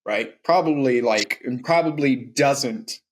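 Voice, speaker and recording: A man's voice: medium pitch, slow pace. A man co-hosting a comedic podcast, riffing and rambling through jokes in casual chat. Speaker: podcast co-host.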